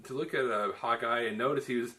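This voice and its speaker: A man's voice: mid-range voice, quick pace, bright, forceful tone. A man hosting a casual film review chat, talking loosely with many restarts. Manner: chatty, many restarts and "you know". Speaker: film reviewer, show host.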